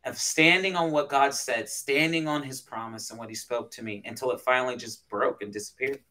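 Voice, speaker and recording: A man, a pastor, telling a personal story as a guest in an interview, animated and emotional, with frequent restarts. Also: mid-range voice, fairly quick. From United States.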